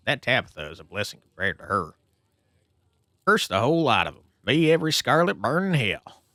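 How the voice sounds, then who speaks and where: A bitter male coal miner at a diner booth in a horror visual novel, played by a man. He speaks slowly in a gruff, lowered voice, full of spite for the dead. His tone swings widely between mutters and angry bursts. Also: very animated, sharp tone, no echo, clean studio sound, full character voice. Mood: spiteful.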